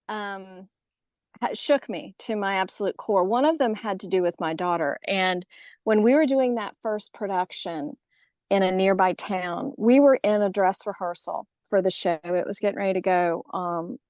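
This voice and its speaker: A middle-aged Southern American woman, who organizes haunted tours, tells a personal story as a podcast guest in casual conversation. She's lively and acts out the voices she quotes, with a mid-range voice and no room sound.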